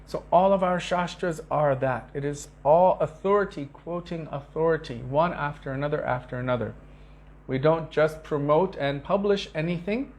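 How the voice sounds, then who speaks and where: Earnest man giving a devotional talk. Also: normal speed. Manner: earnest storytelling with emphatic repetition; acts out quoted speech with sharp pitch shifts. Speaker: spiritual teacher.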